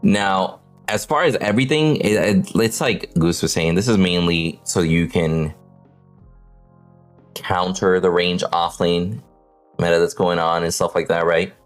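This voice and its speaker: A man hosting a casual livestream panel on game patch notes, energetic, swearing and often tagging lines with "right?". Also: deep voice, measured pace, faint music behind. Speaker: host of a game update panel.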